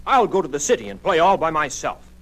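A man's voice: on the high side, moderate pace, bright, forceful tone, slight background noise, pitched above the performer's own voice, rough recording. A man voicing a proud, vain male violin in a children's story, speaking grandly and self-importantly. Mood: boastful. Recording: music playing behind.

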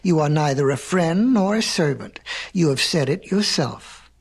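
A man's voice: a little high, lively intonation, measured pace, breathy edge, heavily acted. A man voicing a wise, mocking cave woman who sets the terms in a storybook reading. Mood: scornful. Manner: mocking, commanding.

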